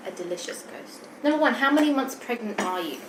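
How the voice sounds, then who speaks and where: This is mukbang chat from a young British woman vlogger, who eats and talks in a giggly, slightly breathless way. Her animated voice sits on the high side and moves briskly. The room echoes, with background noise.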